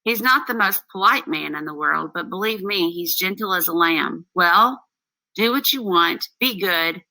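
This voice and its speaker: Woman reading as a teasing old nurse, bright gravelly voice from a distance, dry. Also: fairly low pitch, animated, measured pace, dry recording, exaggerated voice. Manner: reads aloud plainly from the text. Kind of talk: classroom play reading.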